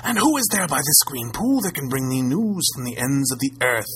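A man reading a story aloud and voicing a withered ancient crone in a hushed, slow, ominous whisper. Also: mid-range voice, steady tone, vocal fry, husky, full character voice. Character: withered ancient witch-like crone, sly and sinister.

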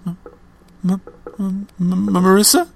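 A nervous teenage girl , voiced by a male narrator, stammers in a raised, uncertain voice. The pitch sits high above his own and the tone has a husky edge. The speech is hesitant, as in a spoken horror story. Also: very animated, normal speed, exaggerated voice. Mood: anxious.

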